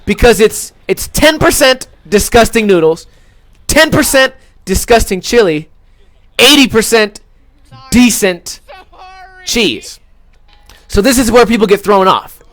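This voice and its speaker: A man's voice: high-pitched, lively intonation, unhurried, pauses often, fairly bright tone, no echo. A young man hosting a podcast, ranting comically about food in a profane, exaggerated way, with lots of fillers. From Las Vegas. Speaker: podcast host. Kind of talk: casual comedic rant.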